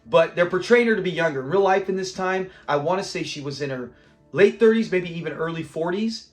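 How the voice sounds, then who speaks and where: Laughing, chatty high-voiced man. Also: brisk, faint music behind. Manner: animated retelling, laughs often and quotes characters. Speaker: host reviewing a sitcom episode. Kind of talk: casual episode review.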